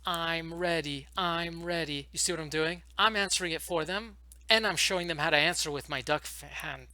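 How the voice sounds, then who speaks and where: Fast, emphatic male teacher with a bright voice. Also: a little high, no echo, poor audio. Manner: fast, emphatic, demonstrating with repeated phrases. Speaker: online ESL teacher. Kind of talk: instructional talk to camera.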